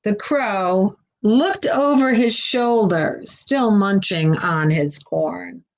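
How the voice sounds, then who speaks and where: A woman's voice: mid-range voice, takes it slowly, gravelly, muffled recording. Woman reading a story to children. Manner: explains words for children. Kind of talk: children's story read-aloud.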